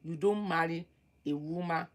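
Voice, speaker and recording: A woman giving relationship advice in an emphatic, preachy way, repeating her points and swinging between loud outbursts and low muttering. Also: moderate pace. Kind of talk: lecturing advice monologue.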